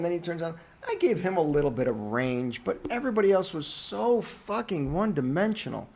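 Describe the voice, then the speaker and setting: A man co-hosting a casual movie review podcast, animated and ranting, swearing freely. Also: fairly high pitch, fairly quick, few pauses. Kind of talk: casual chat.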